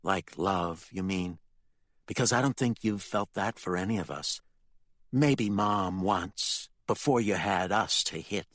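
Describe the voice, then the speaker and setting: A man reading an audiobook voices a defiant teenage girl who quietly provokes her father with pointed questions. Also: low voice, measured pace, no room sound, studio quality. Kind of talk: audiobook character voice.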